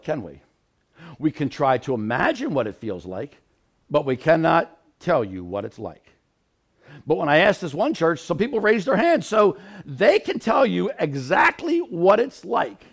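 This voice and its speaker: A man preaching a sermon, animated and rising to shouts for emphasis. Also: sits high, gravelly.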